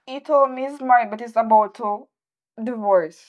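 A woman's voice: fairly high pitch, normal speed, dull audio, close to an everyday voice. A young woman with a Jamaican accent playing an ashamed daughter who pleads and defends herself to her mother. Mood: defensive. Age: young adult.

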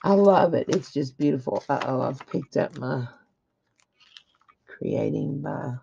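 Gushing woman unboxing crafts, gravelly voice. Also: deep voice, measured pace, warm tone, dull audio, slight background noise. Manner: gushing, exclamatory, addresses viewers as guys. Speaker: craft vlogger opening a swap package. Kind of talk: casual unboxing chat. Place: home craft desk.

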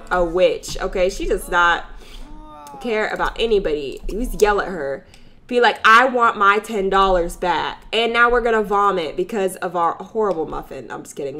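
A woman giving sassy, joking commentary while playing a life-sim video game. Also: mid-range voice. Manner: sassy, animated, slangy and joking. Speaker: let's play gamer.

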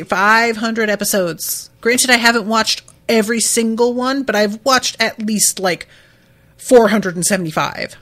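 A woman's voice: medium pitch, pushed and bright. A woman hosting a podcast who recaps an episode in a casual, emotional, chatty way, swearing now and then. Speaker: podcast host.

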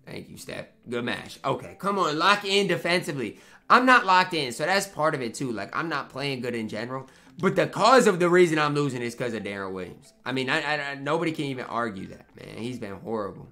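A man's voice: medium pitch, big pitch swings, a little fast, bright, forceful tone, faint music behind. A young man commentating his own basketball video game match, ranting in frustration and talking to himself between plays. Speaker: gaming YouTuber. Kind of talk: live gameplay commentary.

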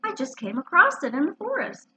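A woman's voice: high voice, big pitch swings, brisk, bright, forceful tone, slight background noise, pitched above the performer's own voice, full character voice. A woman doing a pompous wordy owl. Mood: chatty. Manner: pompous, fond of long words. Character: pompous wordy male owl, self-important. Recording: dull lo-fi recording.

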